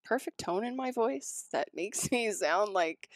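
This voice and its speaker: A woman talking casually as a podcast co-host, excitable and animated as she tells stories. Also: mid-range voice, unhurried, no echo. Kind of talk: casual chat.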